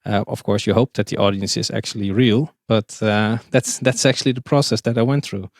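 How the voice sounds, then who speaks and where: A man's voice: fairly low pitch, fairly even intonation, fairly quick, no echo, studio quality. A man with a Dutch accent, a podcast guest in a casual interview, speaking hesitantly with many fillers and restarts. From Netherlands.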